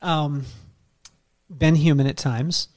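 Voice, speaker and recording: A middle-aged man hosting an interview, telling a family story in a relaxed way and quoting people as he goes. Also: on the high side, slow pace. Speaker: podcast host. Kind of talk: casual interview chat.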